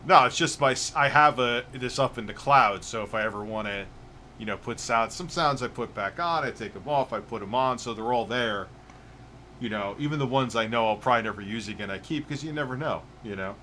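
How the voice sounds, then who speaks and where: A man's voice: medium pitch, fairly quick, sharp tone, a little hiss or hum. A middle-aged man hosting a livestream, bantering loosely and crudely while he reads chat messages aloud. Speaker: livestream host.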